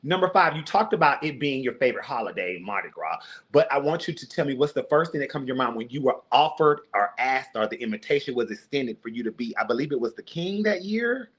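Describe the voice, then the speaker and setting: A man's voice: medium pitch, big pitch swings, quick pace, fairly bright tone, slightly rough. A man hosting a casual live-stream interview, asking numbered questions and answering with frequent mm-hmms. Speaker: host.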